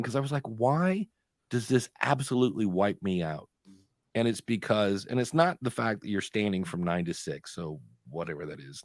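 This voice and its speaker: A man chats casually as the co-host of a live stream, telling a long story with many small pauses and filler words. His voice sits fairly low. The sound is close and dry, with no room echo. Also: darkish tone. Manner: chatty storytelling, pausing to hunt for words. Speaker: podcast co-host.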